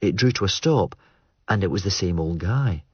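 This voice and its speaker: Deep, husky male audiobook reader; measured, understated narration, dry close mic. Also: lively intonation, dry recording, lo-fi sound. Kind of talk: scripted narration.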